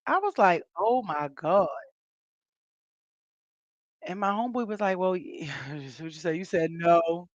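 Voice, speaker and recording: Lively woman telling a story, laughing. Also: fairly low pitch, measured pace, long pauses, dry recording. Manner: animated, laughing, acts out quotes. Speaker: podcast host. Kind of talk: casual storytelling to listeners. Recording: dull muffled dry sound.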